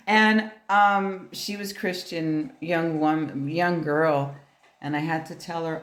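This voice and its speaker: A woman's voice: low voice, fairly even intonation, a little slow, roomy sound. A woman tarot reader in a casual vlog, rambling and chatty, with lots of fillers and restarts. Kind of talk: casual deck-sharing vlog.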